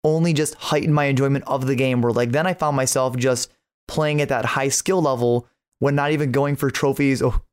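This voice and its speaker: A man's voice: medium pitch, steady tone, fairly quick. A man co-hosting a video game podcast, chatting enthusiastically with lots of casual fillers and slang. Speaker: podcast co-host. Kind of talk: casual chat.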